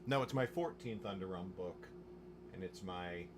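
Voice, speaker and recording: A man talking casually while streaming his writing session, rambling with restarts and quick asides. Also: low voice, noisy background. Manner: rambling, with frequent restarts and chuckles. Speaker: novelist livestreaming his writing. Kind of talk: casual livestream chat.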